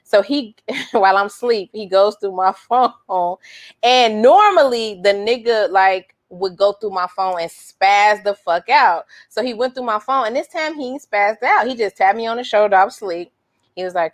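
A woman telling a story in casual chat, profane and animated, acting out what others said and laughing often. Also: medium pitch, normal speed. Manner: animated and profane, acts out quotes in other voices.

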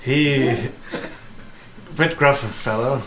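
A man's voice: mid-range voice, slow, a crowd in the background. Easygoing man in a roomy space. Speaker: player. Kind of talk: in-character tabletop game chat.

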